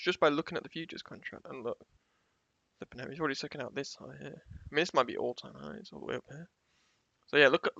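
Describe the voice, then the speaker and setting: Gravelly man teaching forex trading. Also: a little high, a bit bright, dry recording. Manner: repeats key phrases for emphasis; conversational, keeps checking in with the viewer. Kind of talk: casual screen-share trading tutorial. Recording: dull, slightly lo-fi sound.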